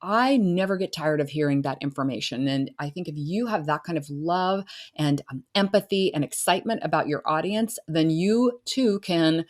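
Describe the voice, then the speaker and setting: A woman's voice: low-pitched, moderate pace. A middle-aged woman coach talking earnestly in a casual solo podcast, now and then acting out her clients' voices. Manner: earnest, warm-hearted, acts out clients' voices. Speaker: business coach and podcast host.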